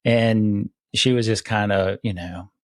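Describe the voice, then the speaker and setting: Halting man co-hosting a chat. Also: lowish voice, fairly even intonation, no echo. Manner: halting, with many fillers and restarts, then quoting characters. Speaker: podcast co-host. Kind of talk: casual chat.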